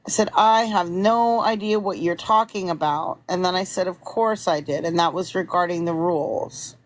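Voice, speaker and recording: A woman's voice: on the low side, moderate pace, rough recording. A woman, a content creator, retelling an online argument and reading the messages aloud in an exasperated, incredulous way.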